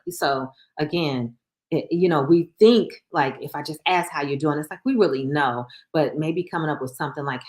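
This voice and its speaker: Low-voiced calm woman counselor. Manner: calm, reassuring, with fillers and pauses. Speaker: grief counselor. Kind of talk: live church talk on grief.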